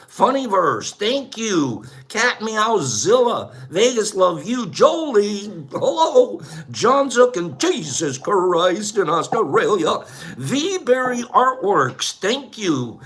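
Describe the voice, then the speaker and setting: A man hosting a casual livestream, upbeat and playful, reeling off long lists of viewer shout-outs with sing-song swings on the names. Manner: playful, varies pitch widely on names. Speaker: livestream host.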